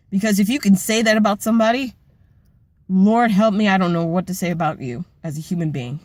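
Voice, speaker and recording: A woman's voice: mid-range voice, expressive, a little fast. An impassioned young woman vlogging at home, talking straight to her camera with blunt, profanity-laden intensity. The sound is dry and close, with no room echo. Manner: impassioned, blunt, heavy swearing. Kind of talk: emotional personal vlog rant.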